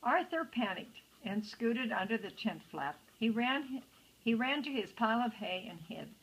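A woman's voice: on the high side, big pitch swings, measured pace, slight background noise, low-quality recording. An older woman reading a picture book aloud to children, adding chatty asides to the listeners. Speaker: storytime reader.

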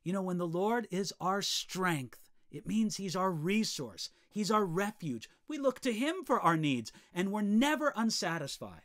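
Lively high-voiced male pastor. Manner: earnest, emphatic, slows down to stress key phrases. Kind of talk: devotional teaching.

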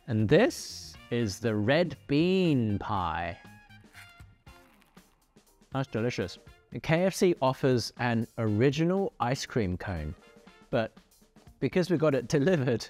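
A man's voice: mid-range voice, lively intonation, slow pace, a little mellow, soft background music. A man casually presenting and reviewing food on camera, chatty and jokey with playful asides.

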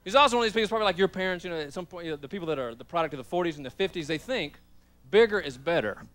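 A man's voice: a little high, animated, rapid-fire, a bit bright. A man doing stand-up comedy as emcee in a club, telling folksy stories about his father.

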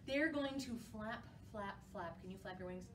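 A woman children's librarian leading a storytime, talking to young kids in an animated, playful way. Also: medium pitch, moderate pace, a little hiss or hum. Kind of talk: children's storytime reading and rhymes. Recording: voice from a distance from the mic, faint ukulele. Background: faint ukulele.

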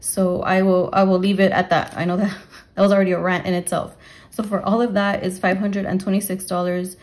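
A young adult woman talking casually to her viewers about her family budget, rambling with fillers, then counting cash aloud in a steady rhythm. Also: medium pitch, fairly quick. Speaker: budgeting vlogger. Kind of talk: casual talk to camera while counting cash.

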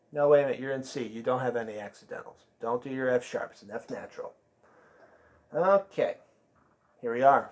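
A man teaching an online band lesson, patiently counting beats aloud and calling out note names. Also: mid-range voice.

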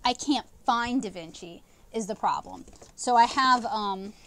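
A woman's voice: on the high side, a little slow, a bit bright, slight background noise. Chatty woman losing her voice. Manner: rambling, enthusiastic, many fillers and laughs. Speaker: comic artist teaching watercolor live. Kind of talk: chatty live painting tutorial.

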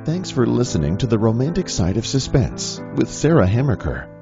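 A man's voice: mid-range voice, very animated, moderate pace, gravelly. A man reading a scripted podcast outro in a friendly promo style. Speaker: podcast announcer. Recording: lo-fi with guitar music. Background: guitar music.

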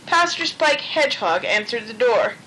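A woman reads a storybook aloud in a gentle, expressive way. Her voice is high and bright. A faint hiss sits under the reading. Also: moderate pace, low-quality recording.

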